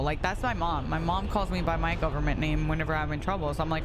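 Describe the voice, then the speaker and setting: A young woman chats with her stream viewers while she games, loose and playful, with a good deal of swearing and laughter. Her voice sits at an ordinary middle pitch. Music plays clearly behind her. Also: fast talker, few pauses. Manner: chatty, swearing, laughing often, playful banter with chat. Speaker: live streamer. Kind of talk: casual live-stream chat while gaming.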